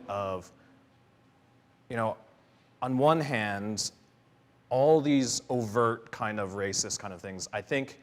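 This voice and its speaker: A man speaking as a panelist in an earnest, searching way, with many fillers, restarts and "right?" tags. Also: medium pitch. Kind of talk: panel discussion talk. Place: church hall. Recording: long hall reverb.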